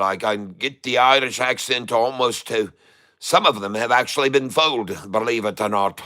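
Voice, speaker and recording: An older man chatting his way through a live trading stream, folksy and jokey, breaking into laughs. His voice has a bright, forward edge. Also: on the low side, animated, moderate pace. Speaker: livestream host, day trader. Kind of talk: casual live-stream chat, reading comments.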